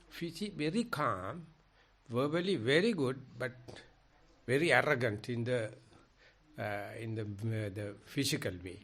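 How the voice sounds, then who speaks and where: An older man, a Buddhist monk with a Sri Lankan accent, teaching in a discussion and telling animated stories. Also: mid-range voice, a little slow, husky. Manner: animated storytelling, quoting others. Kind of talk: dhamma discussion.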